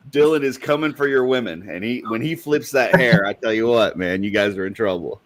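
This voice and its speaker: A man's voice: on the low side, normal speed. A man co-hosting a casual podcast chat, laughing often and restarting sentences. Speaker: podcast co-host.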